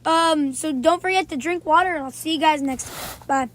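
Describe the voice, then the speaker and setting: Woman, vlogger, casual storytelling, very high voice, playful, um-filled. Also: normal speed, slight background noise. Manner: chatty, playful, with frequent "um"s. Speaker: video creator.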